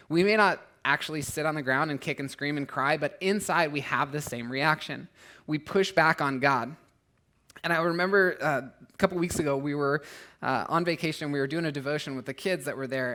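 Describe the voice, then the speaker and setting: A man's voice: a little high, fairly bright tone. Earnest male pastor preaching conversationally. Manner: earnest, conversational preaching with frequent "right?" asides; acts out voices and rises in volume for emphasis. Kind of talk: sermon. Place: church.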